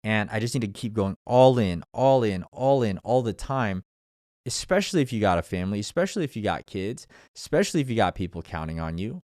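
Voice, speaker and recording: Profane, animated motivational man. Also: fairly low pitch, a little fast, no echo, studio quality. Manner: profane, blunt and animated, laughs often. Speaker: podcast host. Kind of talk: motivational monologue.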